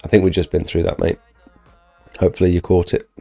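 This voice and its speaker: Hosting a live pressure-washing Q&A, a deep-voiced, mellow man answers chat questions loosely and conversationally, often restarting his sentences. His voice, worn thin from a recent illness that's fading, comes out fast, monotone and gravelly, with soft music playing faintly beneath.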